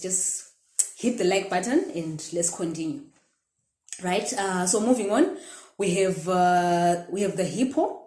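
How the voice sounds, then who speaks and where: Woman, language teacher, slow careful drills, mellow tone, echoey room. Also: medium pitch. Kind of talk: language lesson.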